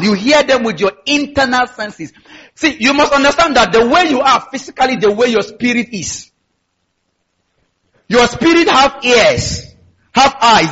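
A man's voice: very high-pitched, sharp tone, husky, muffled recording. A man preaching a sermon in an emphatic style, with call-and-response asides to his congregation. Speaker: pastor.

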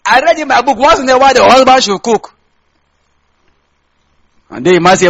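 Husky Nigerian preacher man, high voice. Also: expressive, normal speed, pauses often, fairly bright tone, rough recording. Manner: preaching with call-and-response questions to the congregation. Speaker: pastor. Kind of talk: sermon.

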